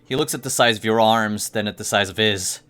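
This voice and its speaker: A man running a tabletop role-playing game, narrating the scene at a measured pace. His voice sits on the low side, and faint music plays underneath. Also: a bit bright, clear, resonant tone. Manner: measured, descriptive narration with fillers. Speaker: game master.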